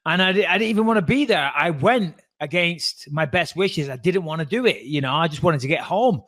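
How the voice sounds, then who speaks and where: A man co-hosting a podcast, telling a story in a casual, animated way, swearing freely and acting out the voices of the people he quotes. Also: on the high side, fairly quick, no echo. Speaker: podcast co-host.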